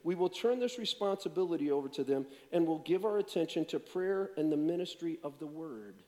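A man preaching in a long-echoing hall, his voice sitting a little high for a man. He rises into emphatic, driving points, then drops to a hushed, joking, conversational storytelling tone. The warm humor is self-deprecating and plain-spoken. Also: expressive, fairly quick. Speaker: pastor. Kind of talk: sermon with personal storytelling.

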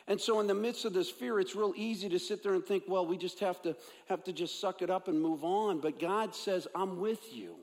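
A man's voice: sits high, steady tone, a little fast, few pauses, darkish tone. A man preaching a sermon as pastor, earnest, repeating key phrases for emphasis. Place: church sanctuary. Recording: long hall reverb.

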